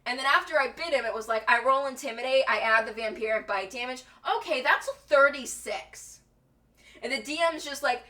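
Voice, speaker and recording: A young woman streamer casually telling tabletop game stories, animated and giggly, acting out quotes. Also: high voice, brisk, recorded from a distance. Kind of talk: casual storytelling chat.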